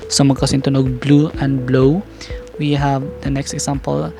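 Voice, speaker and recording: Filipino accent, gravelly voice, patient classroom explaining, repeats key terms, mid pitch. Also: steady tone, music in the background. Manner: explains slowly, repeats terms, checks with "okay?". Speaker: teacher. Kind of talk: classroom lecture mixing English and Hiligaynon.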